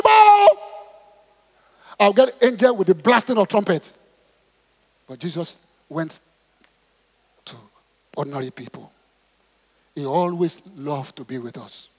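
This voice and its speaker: A man preaching a sermon, reading scripture and calling on the congregation to respond, swinging between loud exclamations and soft asides. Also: sits high, husky. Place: church auditorium. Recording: long hall reverb in church auditorium.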